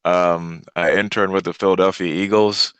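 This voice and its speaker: A man, a guest actor chatting casually in an animated way and laughing easily. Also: low-pitched, smooth, no room sound. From Brooklyn, New York. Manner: animated, quick to laugh, does mock quotes. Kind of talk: casual chat. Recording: dry close sound.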